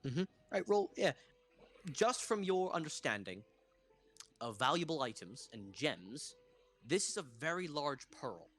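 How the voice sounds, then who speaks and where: A man's voice: a little high, sing-song, unhurried, a bit bright. Man running a tabletop game, casual. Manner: casual, loose, swears. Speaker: game master.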